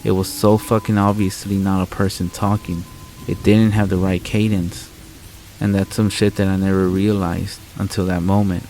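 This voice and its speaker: A man narrating a scary story in a calm, measured, deadpan way. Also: low voice, a little hiss or hum, low-quality recording. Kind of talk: scripted narration. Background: rain and faint music.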